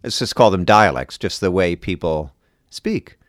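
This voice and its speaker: A man in casual conversation about acting and accents, animated and quick to laugh. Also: low voice, no echo, clean studio sound. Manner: animated, laughs often, mimics voices in passing. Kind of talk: casual chat.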